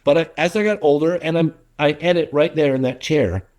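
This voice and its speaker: His voice sits a little high and moves fairly quickly: a middle-aged documentary maker swapping stories in a casual interview. He restarts frequently and animatedly acts out what people said.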